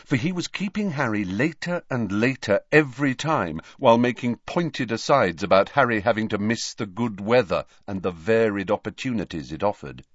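A man reading an audiobook aloud in an animated way. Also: medium pitch, no echo. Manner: animated, varied character voices. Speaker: narrator. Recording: dry, dull lo-fi.

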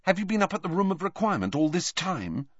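A man's voice: sits high, big pitch swings, fast, a bit bright, no room sound, voice pushed up, full character voice. A man voicing an earnest, worried teenage girl in an audiobook reading. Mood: curious. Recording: dull dry audiobook recording.

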